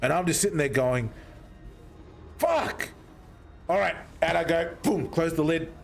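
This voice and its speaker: A young man, telling a story in a casual, animated way and swearing heavily as he goes. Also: a little high, a little fast, vocal fry, soft background music. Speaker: streamer.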